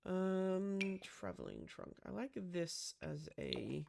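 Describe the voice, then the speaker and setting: Chatty woman with a gravelly edge. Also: fairly low pitch, very animated, slow pace, darkish tone, slight background noise. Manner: chatty, lots of "um" and gasps. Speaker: Sims builder. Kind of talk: casual gameplay commentary.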